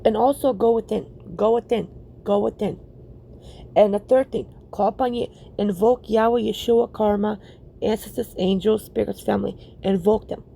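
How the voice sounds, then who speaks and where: Gravelly blunt woman ranting. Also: mid-range voice, fairly even intonation, normal speed, warm tone, a little hiss or hum. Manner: blunt, profane, repeats herself for emphasis. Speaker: reaction video host. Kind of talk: ranting reaction commentary.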